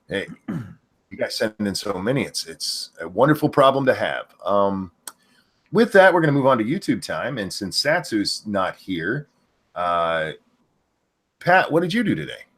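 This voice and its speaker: Low-voiced male host, voice worn from talking. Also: big pitch swings, normal speed, fairly bright tone. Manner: loose and wry, reads viewer messages aloud. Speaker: show host. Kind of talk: casual livestream chat.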